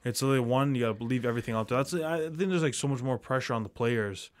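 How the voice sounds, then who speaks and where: A man's voice: medium pitch, fast, no room sound. Young man chatting in a dry close recording. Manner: rambling, filler-heavy, with many restarts. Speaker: podcast co-host. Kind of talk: casual chat.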